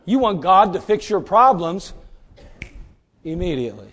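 A preacher delivers a dramatic sermon, swinging between loud bursts and hushed asides. His high voice swings widely and lively in pitch, and he speaks unhurriedly with long pauses.

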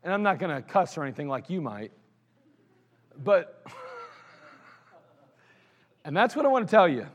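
Blunt high-voiced preacher man. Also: sing-song, takes it slowly, long pauses, muffled recording. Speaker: pastor. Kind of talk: sermon. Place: church sanctuary. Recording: long hall reverb of a church sanctuary.

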